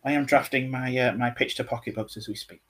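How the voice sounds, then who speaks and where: A man hosting a casual podcast, a little hoarse, joking and self-deprecating. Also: mid-range voice, steady tone, fast, fairly bright tone. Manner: jokey, self-deprecating, playful teasing. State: slightly hoarse. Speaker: podcast host.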